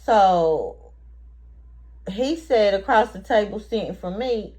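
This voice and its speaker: A woman speaks slowly and deliberately as she tells her viewers a story. Her voice sits at an ordinary middle pitch. She swears freely, laughs along, and acts out the quoted lines with punchy repeats. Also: big pitch swings. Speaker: vlogger.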